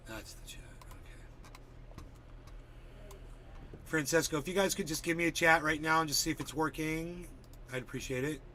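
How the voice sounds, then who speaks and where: A man's voice: on the high side, fairly even intonation, fast talker, noisy background. A man hosting a casual livestream, chatty and a bit distracted as he greets viewers by name while fixing his settings. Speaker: livestream host.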